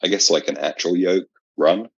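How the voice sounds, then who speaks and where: Man, British accent, very deep voice, halting with lots of fillers, dull lo-fi audio, podcast guest. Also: slightly rough, no echo. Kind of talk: casual chat.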